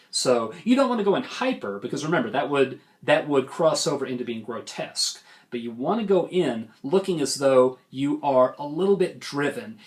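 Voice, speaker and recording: A man with a western United States accent, lecturing as a forensics coach in a measured, emphatic teaching tone. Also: mid-range voice. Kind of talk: lecture on debate delivery.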